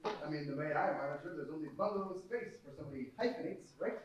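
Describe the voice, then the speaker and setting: A young actor on stage playing a slick, fast-talking male Hollywood producer with a glib, salesy manner, heard from far off in an echoey theater. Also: a little high, heavy background noise, close to an everyday voice. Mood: breezy. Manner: glib, salesy, wheedling and brash. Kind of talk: stage play. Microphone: far room mic.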